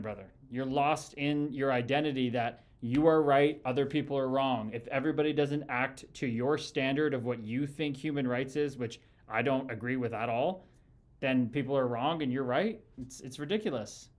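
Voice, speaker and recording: A man hosting a casual livestream, reading viewer comments and arguing bluntly with a critic, calling people "brother" often. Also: mid-range voice. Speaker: livestream host.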